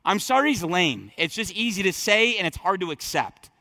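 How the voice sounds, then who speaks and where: Male pastor, high and bright, earnest, casual preaching style, dry close sound. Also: very animated, normal speed, dry recording. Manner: conversational, thinking aloud with frequent fillers and restarts. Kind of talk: sermon.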